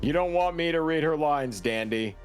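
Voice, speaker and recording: Male streamer, casual and profane, animated pitch, faint music under. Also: normal speed. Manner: profane, joking, explanatory. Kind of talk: casual livestream chat.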